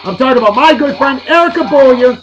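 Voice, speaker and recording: A man, hosting a show and giving chatty, upbeat shout-outs with playful asides. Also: very high voice, lively intonation, brisk, highs cut off, music in the background. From Massachusetts, USA. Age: 40s. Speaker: video show host. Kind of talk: casual birthday shout-outs.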